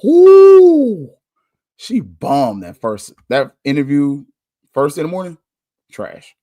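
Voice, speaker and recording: A man hosting a podcast, talking candidly in a casual monologue, chatty and quick to laugh. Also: medium pitch, very animated, dry recording, lo-fi sound. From United States. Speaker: podcast host.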